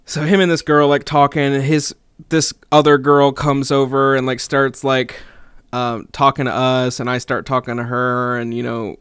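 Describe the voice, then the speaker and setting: Tell it like you're catching your friend up on a wild party: casual, animated, jump into the other people's voices, laugh through it, close to a dry mic, middle pitch. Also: male voice, moderate pace, clear, resonant tone, no echo. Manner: animated, acts out quoted voices, laughs often. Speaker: podcast co-host. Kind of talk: casual storytelling chat.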